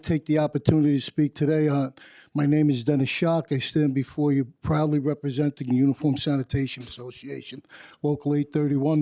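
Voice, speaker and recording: Union rep, slightly high mellow voice, dry sound, reads haltingly with restarts. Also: male voice, dry recording. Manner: halting, restarts phrases, stumbles on words. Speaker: union representative testifying. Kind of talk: reading prepared testimony. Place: council hearing chamber.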